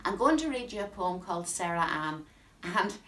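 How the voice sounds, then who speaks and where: A woman's voice: on the low side, very animated, moderate pace, a bit bright, slight background noise. A woman with a Northern Irish accent presents a talk on a poet, with an enthusiastic, storytelling manner. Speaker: speaker giving a talk on a poet. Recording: roomy sound from a distant mic.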